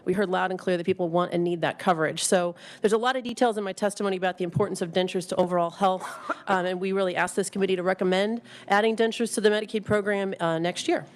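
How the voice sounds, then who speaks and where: A woman giving formal testimony to a legislative committee as an executive director. She rushes, with frequent ums and restarts. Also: mid-range voice, fairly even intonation.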